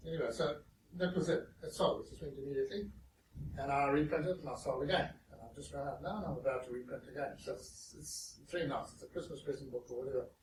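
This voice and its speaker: A man giving a humorous storytelling talk as a guest speaker, animated and lively. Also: medium pitch, quick pace. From South Africa. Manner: animated, acts out other people's voices in his anecdotes. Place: meeting venue with an audience. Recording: roomy echo, distant mic, noisy background.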